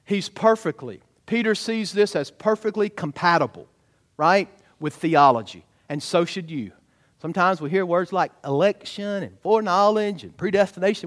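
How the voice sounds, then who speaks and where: A man preaching a sermon as pastor in a church, emphatic, with rhetorical tag questions and loud rising peaks. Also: high voice, normal speed. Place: church sanctuary.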